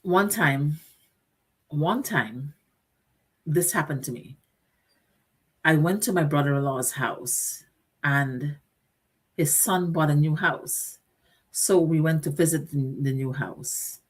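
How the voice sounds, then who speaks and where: A woman's voice: deep voice, takes it slowly, long pauses, slightly rough. A middle-aged woman hosting a motivational talk show, speaking earnestly and directly to her listeners and repeating phrases for emphasis. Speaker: host.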